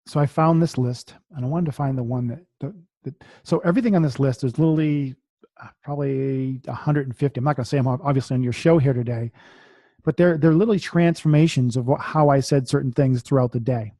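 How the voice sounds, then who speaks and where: A man's voice: medium pitch, quick pace, mellow, no echo, studio quality. A man from the US East Coast, a podcast guest, talking casually and reading affirmations aloud, often repeating his words.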